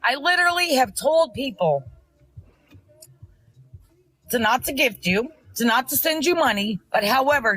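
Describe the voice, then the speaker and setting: A woman's voice: high voice, animated, measured pace, long pauses, fairly bright tone, rough recording. A middle-aged woman on a livestream, angrily confronting someone in an insistent, repetitive, scolding way. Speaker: livestream guest confronting host.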